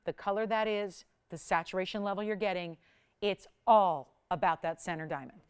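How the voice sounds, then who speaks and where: A woman hosting a live jewelry shopping show, pitching with energy and counting prices down urgently. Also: moderate pace, smooth. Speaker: shopping channel host. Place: studio.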